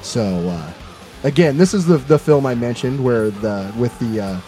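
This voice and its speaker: A man's voice: medium pitch, animated, moderate pace, mellow. A man co-hosting a casual podcast, rambling through plugs with many filler sounds. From Seattle area. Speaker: podcast co-host.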